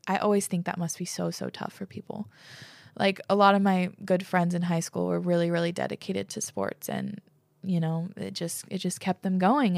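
Chatty woman podcast host, gravelly tone. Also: fairly low pitch, no echo, studio quality. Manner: chatty, upbeat, full of "like" and "um". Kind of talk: casual podcast chat reading listener messages.

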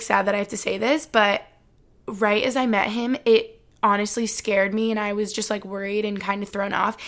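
A woman in her twenties, a vlogger, chatting casually to her viewers in a storytime style, filling her talk with "like". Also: medium pitch. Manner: chatty, heavy use of "like", speaks straight to viewers.

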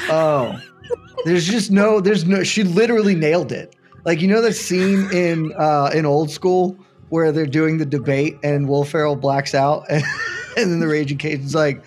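A man's voice: a little high, steady tone, normal speed, a little mellow, faint music behind. A man in casual show banter, laughing and rambling in a self-deprecating way. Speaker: show regular and contestant.

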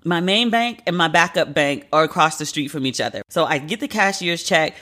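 A podcast host in their thirties, venting in a casual, animated and profane solo monologue. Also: medium pitch, brisk.

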